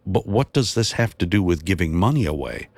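A man's voice: low voice, sing-song, fairly quick, no echo, full character voice. Male narrator voicing a blunt, inquisitive woman friend in a dry storybook reading. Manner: pointed, questioning.

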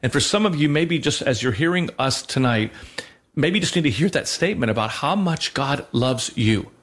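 A man's voice: medium pitch, expressive, normal speed. Earnest man teaching on a talk show. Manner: earnest, with many fillers and restarts. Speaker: co-host of a Christian show. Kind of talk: conversational teaching.

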